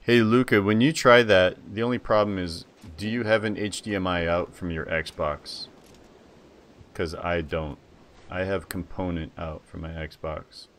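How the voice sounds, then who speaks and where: A young man with a low, deep voice talks casually through a strategy game, chatting with viewers and getting excited about his moves. A steady hiss of background noise sits under his voice throughout. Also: measured pace. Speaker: gaming streamer. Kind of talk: casual live gameplay commentary.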